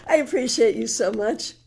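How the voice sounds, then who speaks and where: Her voice sits high and sounds slightly rough, with vocal fry; she's animated yet a little slow. She's a New England tarot reader doing live readings for her audience, chatty and warmly teasing, with frequent laughter.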